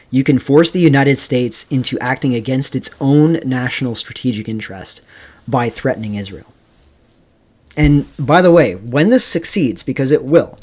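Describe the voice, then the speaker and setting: A man hosting a live stream, rambling casually through commentary, reading chat questions aloud and filling pauses with "um" and "like". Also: mid-range voice, a little mellow. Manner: rambling, reads chat aloud, many fillers. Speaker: streamer host.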